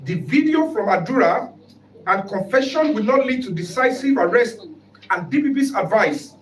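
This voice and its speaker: A man with a fairly high voice and a Nigerian English accent speaks as a human rights spokesman at a press conference. His delivery is formal and emphatic, rising to declamation. The sound is roomy and picked up from some distance, with faint noise behind. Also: expressive, normal speed.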